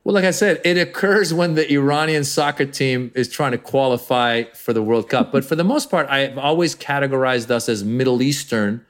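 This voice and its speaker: A man's voice: medium pitch, normal speed, hardly any pauses. A man in his fifties from Iran, a comedian guest on a podcast, telling stories animatedly and slipping into voices. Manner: animated storyteller, jumps into voices. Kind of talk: podcast interview.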